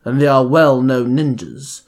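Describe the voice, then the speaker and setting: Give me a condescending assassin leader read by a man, cool and measured. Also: mid-range voice, natural voice. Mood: arrogant. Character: cold, arrogant male assassin leader.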